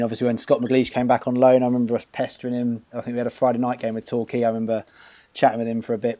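A man in casual conversation, telling anecdotes quickly with the odd chuckle. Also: mid-range voice, mellow, no room sound. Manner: fast anecdotal talk with chuckles. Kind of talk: casual chat.

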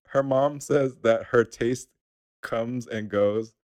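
A man's voice: mid-range voice, slow pace, a little mellow. A man co-hosting a podcast, chatting casually and laughing often. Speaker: podcast co-host.

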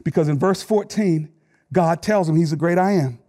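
A middle-aged man delivers a sermon in a notably high-pitched voice. He tells personal stories with animated energy, at times climbing to shouts and at times dropping to a quiet aside. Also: moderate pace. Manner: animated storytelling preacher, rising to shouts. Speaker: pastor.

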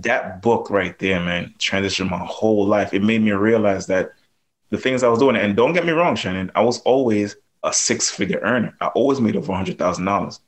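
Jamaican-accented male guest, low voice, casual rambling storyteller. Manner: loose, chatty, lots of fillers. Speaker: plumber and landlord. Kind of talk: casual podcast interview.

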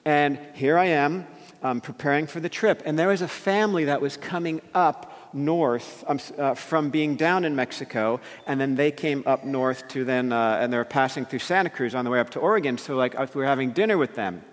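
Storytelling pastor in an echoing hall. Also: male voice, mid-range voice, fairly quick. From New Jersey. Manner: animated, acts out quotes. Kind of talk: storytelling sermon. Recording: long hall reverb.

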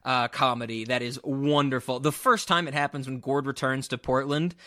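A man's voice: mid-range voice, steady tone, moderate pace, bright, forceful tone, no echo, clean studio sound. A man co-hosting a podcast in casual chat, talking enthusiastically and laughing often. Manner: enthusiastic, laughing, acts out quotes. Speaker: podcast co-host.

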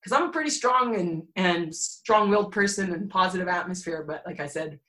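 A woman in her forties with a bright, forceful tone, telling a personal story on a podcast. She speaks candidly and with animation, and breaks into laughter between the heavy parts. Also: fairly low pitch, fairly quick, poor audio. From Alberta, Canada. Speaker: podcast guest.

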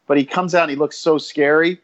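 A man's voice: fairly high pitch, fairly even intonation, fairly quick, dull audio. A man co-hosting a wrestling podcast in casual chat, rambling and swearing with self-deprecating humor. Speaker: podcast co-host.

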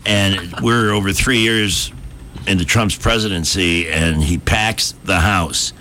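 A man's voice: low-pitched, slow, background noise. A man hosting a talk radio show, trading blunt jokes and coaching a colleague. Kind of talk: casual on-air banter.

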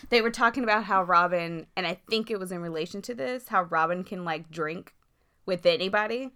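A woman co-hosting a podcast, chatting in a relaxed, conversational way. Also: on the low side, brisk, clear, resonant tone. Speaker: podcast co-host. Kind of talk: casual chat about reality TV.

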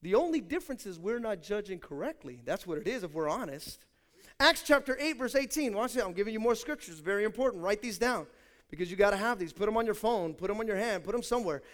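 Very high-voiced man preaching a sermon. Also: lively intonation, fast, a bit bright. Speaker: pastor.

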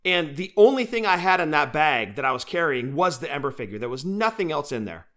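A young man co-hosts a casual podcast, chatty and playful as he tells stories. His voice is bright and forceful and sits a little high. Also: a little fast. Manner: chatty, playful, animated storyteller. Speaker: podcast co-host. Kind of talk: casual chat.

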